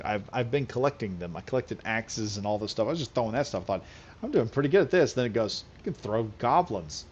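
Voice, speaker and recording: A man's voice: fairly low pitch, darkish tone, slightly rough. A man chatting casually during a late-night game live stream, rambling loosely and chuckling often as he talks. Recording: slightly dull lo-fi audio.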